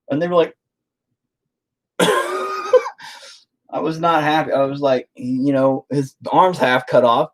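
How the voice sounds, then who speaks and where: A man's voice: on the high side, huge pitch swings, slow, long pauses. A man hosting a casual stream, telling a story to viewers in a rambling way and swearing freely. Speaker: stream host chatting with viewers.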